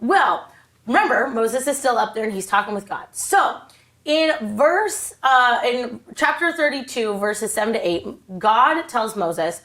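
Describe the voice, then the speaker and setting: A woman's voice: a little high, animated, unhurried, fairly bright tone. Bubbly woman teaching a kids' Bible lesson. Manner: bubbly, chatty, playful asides. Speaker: children's ministry teacher. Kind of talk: retelling a Bible story to kids.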